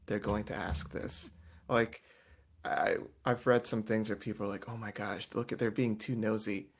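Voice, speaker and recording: Animated man in casual chat. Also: fairly low pitch, normal speed. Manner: animated, acts out quotes loudly, rambling with restarts. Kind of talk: casual podcast chat about a reality show.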